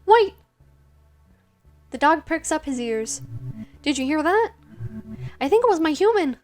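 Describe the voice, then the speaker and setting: Lady doing a goofy happy ghost doggo, squeaky high, faint music behind. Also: unhurried. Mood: excited. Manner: excitable, chatty, sweet. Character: eager, goofy friendly ghost dog.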